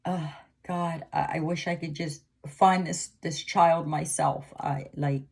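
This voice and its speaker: A woman's voice: deep voice, steady tone, slow pace, gravelly, darkish tone, breathy edge. A middle-aged woman giving an emotional intuitive reading to camera, pleading and repeating herself. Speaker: psychic reader.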